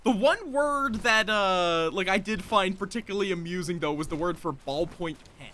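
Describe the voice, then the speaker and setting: High, bright-voiced male streamer. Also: moderate pace. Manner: rambling, talks to himself and chat. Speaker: live streamer. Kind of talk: casual gameplay chat.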